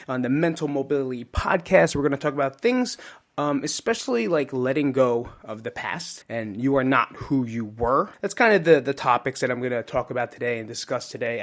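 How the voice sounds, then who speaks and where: A man in his thirties hosting a solo podcast, rambling and joking casually with the odd swear word. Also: medium pitch. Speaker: podcast host.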